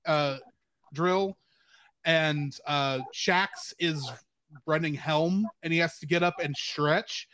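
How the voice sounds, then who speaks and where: A man co-hosting a podcast, recapping episode details in a steady way with dry humor. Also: on the high side, slow, slight background noise. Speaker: podcast co-host. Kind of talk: casual chat, part read-out recap.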